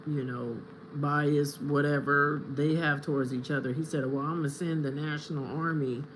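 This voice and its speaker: An American livestreamer rambles through an unscripted monologue to viewers in chat and keeps drifting off on tangents. The voice sits at an ordinary middle pitch, and faint ambient noise runs underneath. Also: steady tone, normal speed, a bit bright, poor audio. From United States. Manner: rambling, grows heated and confrontational.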